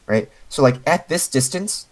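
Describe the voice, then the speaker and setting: A man's voice: mid-range voice, expressive, normal speed, low-quality recording. A man coaching a player over a voice call, patiently explaining step by step with lots of fillers. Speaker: game coach.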